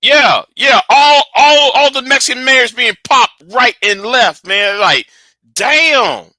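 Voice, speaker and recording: A man hosting casual commentary, animated and rambling, often restarting and sinking to mutters. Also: extremely high pitch, slow pace, no room sound. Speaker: commentary host.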